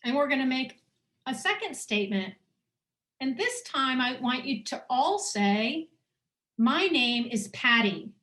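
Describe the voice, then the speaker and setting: A woman teaching on a video call, leading a guided breathing exercise with slow, soothing instructions and pauses. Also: sits high, sing-song, a bit bright. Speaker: dowsing teacher.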